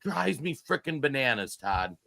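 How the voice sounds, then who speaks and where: A man's voice: medium pitch, very animated, moderate pace, creaky, bright, forceful tone, no room sound. A man co-hosting a political podcast, talking in an emphatic, exasperated way. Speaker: podcast co-host. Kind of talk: heated political podcast talk.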